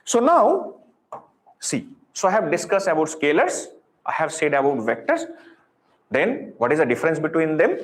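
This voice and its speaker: Indian male physics teacher, high lively voice, praises students over and over, roomy echo. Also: moderate pace. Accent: Indian English. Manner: encouraging, repeats praise, mixes Hindi. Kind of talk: live online lecture.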